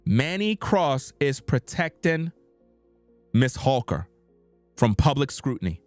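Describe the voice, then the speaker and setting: A man's voice: mid-range voice, big pitch swings, slow, dry recording, faint music behind. A man hosting a heated commentary monologue, insistent and repetitive with preacher-like emphasis. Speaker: commentary channel host.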